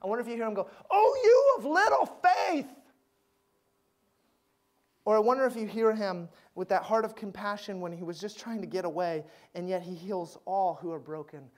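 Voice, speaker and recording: A man's voice: sits high, fairly even intonation, fairly quick, hardly any pauses. Man preaching with dramatic dynamics. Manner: dynamic preaching, swinging from loud emphasis to near-hushed. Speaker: pastor. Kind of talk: sermon.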